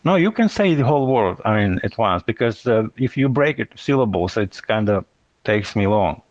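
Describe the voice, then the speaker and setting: A man's voice: lowish voice, expressive, normal speed, no echo. Inquisitive man, dull dry sound. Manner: curious, asks many questions, careful phrasing. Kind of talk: casual chat.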